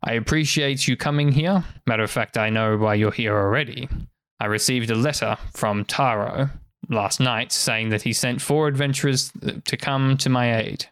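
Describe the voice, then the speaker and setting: A man's voice: mid-range voice, normal speed, fairly bright tone, clear, resonant tone, no room sound, lightly acted. A man doing a stately old chieftain king. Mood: welcoming. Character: proud old male chief, king of his people.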